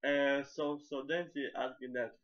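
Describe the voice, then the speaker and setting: A man's voice: medium pitch, fairly even intonation, moderate pace. A man casually recapping an anime episode, stumbling over his words with many repeats and now and then swearing. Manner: casual and profane. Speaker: anime reviewer. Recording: dull lo-fi recording.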